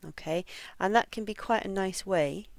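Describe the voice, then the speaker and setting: A woman with a medium-pitched voice and some vocal fry gives an online English pronunciation lesson, with no echo. She explains every point, then reads model phrases slowly and carefully, over-articulating the stress.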